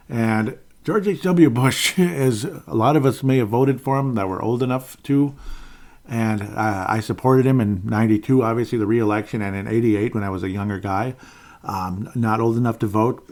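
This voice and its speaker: A man's voice: lowish voice, a little mellow. A man in his fifties hosting a political podcast, talking in a rambling, opinionated monologue and chuckling between points. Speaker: podcast host.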